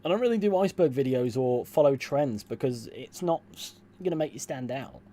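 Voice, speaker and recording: A man with a mid-pitched voice chats casually on a livestream. He reads viewers' comments aloud and answers them in a dry, offhand way. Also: lively intonation, fairly quick, warm tone. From England. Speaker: streamer reading chat.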